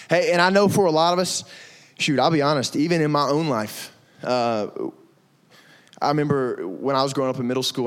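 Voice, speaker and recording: A young man preaching a lively, conversational sermon to middle schoolers, acting out quotes and saying y'all. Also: medium pitch, clean tone. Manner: animated, conversational, says y'all, acts out quotes. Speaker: youth pastor. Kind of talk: youth sermon.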